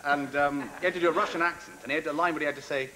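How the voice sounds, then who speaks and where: A man, a guest impressionist, chatting animatedly on a talk show and slipping into quick mimicry. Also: on the high side, fairly even intonation, slight background noise. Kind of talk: chat show banter. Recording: TV studio with reverb and loud audience.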